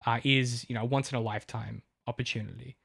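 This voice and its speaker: A man's voice: mid-range voice, fairly even intonation, quick pace, creaky, fairly bright tone, husky. Guy on a podcast, gets really worked up, keeps restarting sentences, medium voice. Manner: emotional, rambling with many restarts. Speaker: podcast co-host and novelist. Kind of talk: casual chat.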